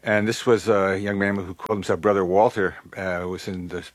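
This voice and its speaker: A man in his sixties answering interview questions about his work, reflective and unhurried, pausing often. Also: low voice, level tone, no echo. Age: 60s. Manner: reflective, many pauses and uh fillers. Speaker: composer, interview guest.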